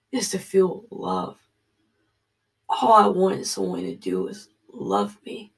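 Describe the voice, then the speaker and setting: A Bible study leader reading scripture and telling a personal testimony, earnest and halting, dropping to a hushed voice. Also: medium pitch, sing-song, vocal fry, far from the mic.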